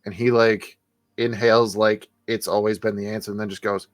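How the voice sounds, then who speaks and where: A man narrating as game master of a tabletop game in a relaxed, loose way. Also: lowish voice, fairly quick, no echo, soft background music.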